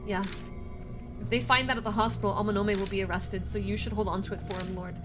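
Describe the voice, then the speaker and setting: A woman voicing a young female idol and actress in a visual novel, calm and reassuring while injured. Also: mid-range voice, quick pace, music in the background, pitched below the performer's own voice, close to an everyday voice.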